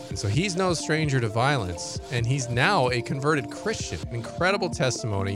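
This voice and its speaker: A male news podcast host reads a scripted introduction with emphatic enthusiasm. His voice sits at an ordinary middle pitch, and loud instrumental music plays prominently beneath him.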